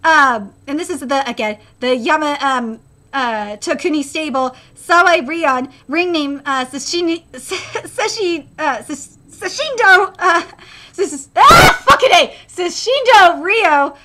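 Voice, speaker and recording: High bright-voiced woman reading manga live, trips on names, swears, squeals. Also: unhurried. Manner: excitable, shrieks and cries along with the story; stumbles over names, swears casually. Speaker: streamer reading manga aloud.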